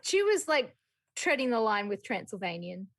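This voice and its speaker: A woman's voice: mid-range voice, sing-song, moderate pace. A woman co-hosting a podcast, chatting casually about films, teasing and laughing often. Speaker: podcast co-host. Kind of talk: casual film chat.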